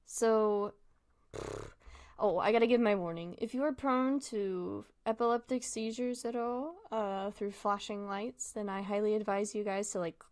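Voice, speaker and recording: Young woman streamer, chatty and scattered, often laughing, mid-pitched, close dry mic. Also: fairly even intonation, measured pace, dry recording. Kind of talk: casual live-stream commentary.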